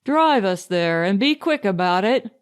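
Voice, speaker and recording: A woman voicing an impulsive, exasperated young gentleman in an audiobook, speaking with vehemence. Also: mid-range voice, lively intonation, a little slow, smooth, natural voice. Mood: vehement. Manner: vehement, half angry.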